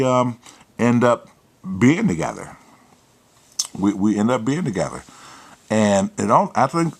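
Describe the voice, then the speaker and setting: A man spinning a personal tale in a loose, profane storytelling voice, his pitch swinging widely as he acts out the exchanges. He turns emphatic when he gives advice. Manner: lively, profane, animated storytelling with quoted dialogue. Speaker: host telling a personal story. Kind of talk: casual storytelling.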